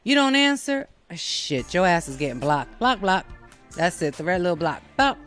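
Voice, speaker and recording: A woman hosting a show, giving a blunt, sassy and profane casual monologue, animated and putting on voices when she quotes people. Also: on the low side, moderate pace, soft background music. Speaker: show host.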